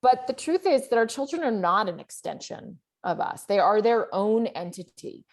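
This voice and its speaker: A middle-aged woman talking as a guest author in an interview, candid and animated, with plenty of fillers as she tells her story. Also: mid-range voice, moderate pace. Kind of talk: conversational interview.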